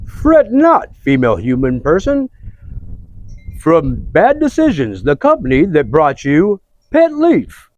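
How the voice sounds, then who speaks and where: A man putting on an over-the-top commercial announcer voice, loud and hyped like a pitchman. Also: huge pitch swings, takes it slowly, no echo, lo-fi sound, heavily acted.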